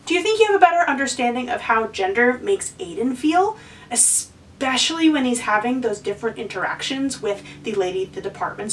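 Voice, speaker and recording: A woman's voice: fairly high pitch, far from the mic, slight background noise, poor audio. A woman hosting a lesson for kids, encouraging and asking the viewer questions. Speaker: children's educator and host.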